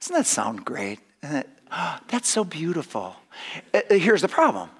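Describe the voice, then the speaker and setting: A man preaching a sermon as pastor, animated, acting out little voices, often laughing and restarting his sentences. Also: fairly high pitch, moderate pace, breathy edge.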